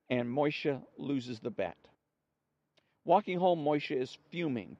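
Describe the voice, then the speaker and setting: A man's voice: fairly high pitch, animated, slow, darkish tone, no echo. Man reading jokes aloud on a lo-fi podcast. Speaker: host of a story podcast.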